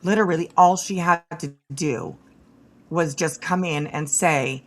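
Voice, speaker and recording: A woman's voice: low-pitched, a little slow. Blunt, profane woman ranting on a livestream. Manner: many fillers and restarts, talks to chat. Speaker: livestream host. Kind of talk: casual livestream commentary.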